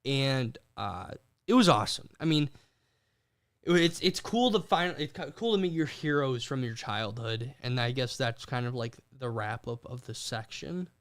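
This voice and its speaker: A young man co-hosting a podcast, telling stories in animated bursts with quick restarts. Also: mid-range voice, clear, resonant tone. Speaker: podcast co-host. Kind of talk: casual chat.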